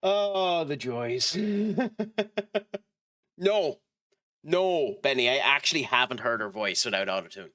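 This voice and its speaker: Bright-voiced Irish man chatting on stream. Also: medium pitch, expressive, slow, pauses often. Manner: chatty, talks to viewers while playing. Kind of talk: casual live-stream chat.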